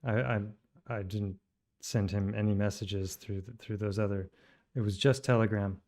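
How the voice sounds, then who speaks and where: A man's voice: fairly low pitch, fairly even intonation, moderate pace, darkish tone. A man hosting a video, commenting over clips in a sarcastic, rebutting way. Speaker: video host.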